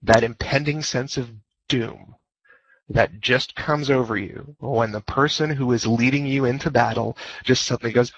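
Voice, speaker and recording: A man's voice: mid-range voice, normal speed, fairly bright tone, husky, no echo. A man giving a guest lecture on leading fleets, talking casually and joking, repeating his key points over a headset. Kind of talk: informal lecture over voice chat. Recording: dull lo-fi voice chat audio.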